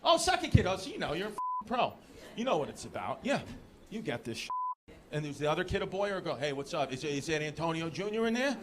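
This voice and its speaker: A man from Queens doing a stand-up comedy set, loud and animated, shouting punchlines and working the crowd on a comedy club stage. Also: fairly high pitch, fast talker, very noisy. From Queens, New York. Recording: live club crowd laughing.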